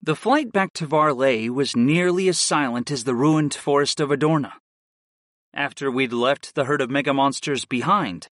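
A man narrating a first-person fantasy audiobook with an expressive, varied delivery. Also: on the high side, no room sound, studio quality.

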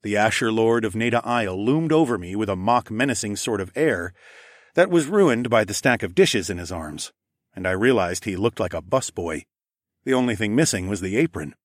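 A man reading an audiobook chapter in first person, steady and expressive. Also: lowish voice, normal speed, no echo, studio quality. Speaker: audiobook narrator. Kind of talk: scripted first-person narration.

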